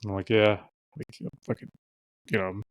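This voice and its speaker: A young man with a lowish voice tells a winding story in casual podcast chat. He swears freely and puts on the voices of people he quotes. The sound is close and dry, with no room around it. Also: brisk, dry recording. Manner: rambling, heavy swearing, acts out quoted voices. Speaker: podcast guest.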